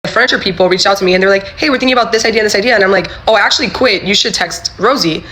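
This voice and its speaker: Young woman, animated storyteller, acts out quotes, swears freely. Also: mid-range voice, very fast, low-quality recording. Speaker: former employee telling her story. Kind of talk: casual storytelling.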